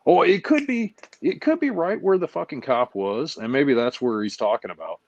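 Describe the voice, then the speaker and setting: A man hosting a casual talk show, telling stories in an animated, profane way and acting out quotes. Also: medium pitch, normal speed, no room sound. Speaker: show host. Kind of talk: casual chat. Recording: dull lo-fi sound, dry.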